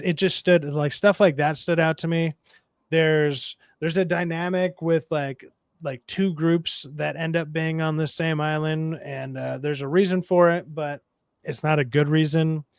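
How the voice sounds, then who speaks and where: A man with a low, raspy voice in a casual podcast chat, rambling and swearing through a movie review. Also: no room sound. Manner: profane, rambling, wry.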